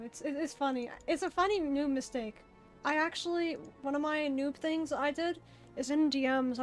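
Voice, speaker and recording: A woman streamer chatting casually while she plays, rambling and laughing easily. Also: sits high. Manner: rambling, laughs often, fillers like "bro". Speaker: streamer playing an online game. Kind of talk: casual livestream chat.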